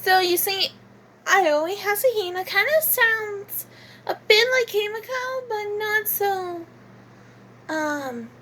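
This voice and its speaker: A channel host with a very high, slightly bright voice chats casually in a voice-acting demo about how she voices game characters. She's hesitant and giggly, using many fillers, and the recording carries a little hiss or hum.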